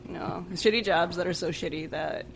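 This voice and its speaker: A woman with a mid-range voice rants sarcastically on a podcast, swearing freely and joking dark. A faint hiss sits under her voice. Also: fairly low pitch, normal speed, creaky. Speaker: podcast co-host. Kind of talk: casual chat.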